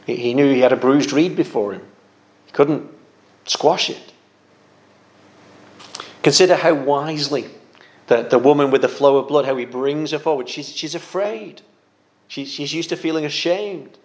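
Earnest man preaching a gentle sermon. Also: a little high, normal speed, pauses often. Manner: earnest, gentle pastoral preaching with small repetitions.

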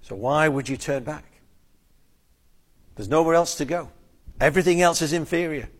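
Guy preaching a sermon, voice a bit on the high side, earnest, stretches out the big words. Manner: earnest, emphatic, with slow drawn-out stresses and repeated words. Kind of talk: expository sermon.

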